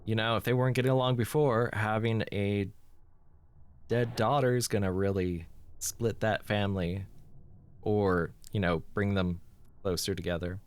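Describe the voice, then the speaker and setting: A man's voice: fairly low pitch, steady tone, moderate pace, smooth. Congested man with dry, sardonic humor. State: congested sinuses. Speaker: let's play host. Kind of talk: horror game commentary.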